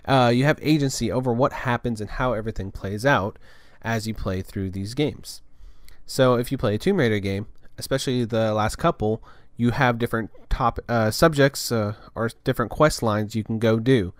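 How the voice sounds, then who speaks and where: A man's voice: mid-range voice, normal speed, hardly any pauses, dry recording, studio quality. A young adult man hosting a podcast in a casual, rambling monologue full of fillers and restarts. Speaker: podcast host.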